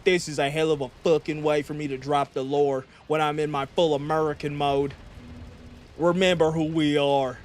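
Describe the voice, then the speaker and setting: Guy streaming a game as a loud over-the-top fake president, crude and rambly, trips over his words a lot, voice on the higher side. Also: a little hiss or hum. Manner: blustering mock-patriotic president parody, crude and rambling; frequent stammered restarts. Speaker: VTuber streamer. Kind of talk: comedic gameplay commentary in character.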